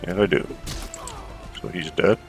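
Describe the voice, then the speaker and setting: Casting: deep, gravelly man, calm and measured, talking through a strategy game. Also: faint music behind. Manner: measured, thinks aloud with fillers. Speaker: gameplay commentator. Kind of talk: strategy gameplay commentary.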